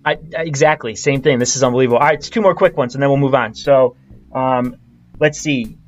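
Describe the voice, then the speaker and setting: A man's voice: medium pitch, a little fast, dull audio, soft background music. Chatty man quizzing a guest. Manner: chatty, quizzing, many fillers and restarts. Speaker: podcast host. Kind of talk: casual podcast chat.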